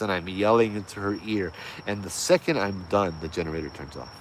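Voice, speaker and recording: A man tells a ghost story in a casual, laid-back way, full of slang and fillers. His voice sits a little low. Faint crickets and insects chirp behind him. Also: fairly quick, a little hiss or hum. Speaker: host telling a ghost story.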